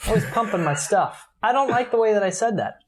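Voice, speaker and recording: A man's voice: high-pitched, lively intonation, fast talker, crowd noise. Casual, swearing male podcast co-host. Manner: loose and swearing, with restarts. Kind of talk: casual chat.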